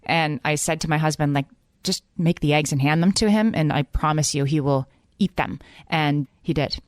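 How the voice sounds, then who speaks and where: A woman's voice: low voice, normal speed, dry recording, clean studio sound. A woman in her forties co-hosting a casual parenting podcast, telling candid, self-deprecating stories about her kids. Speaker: podcast co-host.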